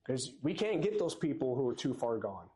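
A man preaches from a church pulpit in an earnest, exhorting way. His tone stays casual and conversational, with a middle-pitched voice. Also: sing-song, normal speed, warm tone. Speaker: lay preacher. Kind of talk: sermon.

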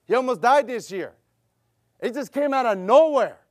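High-voiced fervent male preacher. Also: lively intonation, moderate pace, no room sound, studio quality. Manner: fervent, repetitive preaching cadence with rhetorical questions. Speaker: pastor. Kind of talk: sermon with personal story.

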